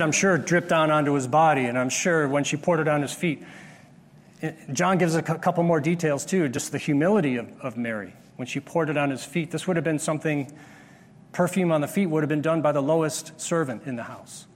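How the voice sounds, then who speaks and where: A fairly high-voiced man preaches a sermon, walking his listeners through a Bible passage. He explains patiently and sometimes stops to restart a phrase. His voice carries a long reverb, as if he stands in a large hall. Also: fairly quick. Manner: explanatory, rises sharply when acting out the disciples' scolding. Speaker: pastor.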